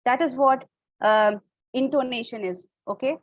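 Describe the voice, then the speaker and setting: Indian english woman teaching public speaking over a call, high voice, dry dull sound, keeps asking if everyone's got it. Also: measured pace, no room sound. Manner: explanatory, checks in with listeners, demonstrates tones. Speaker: public speaking workshop instructor. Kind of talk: live online class teaching.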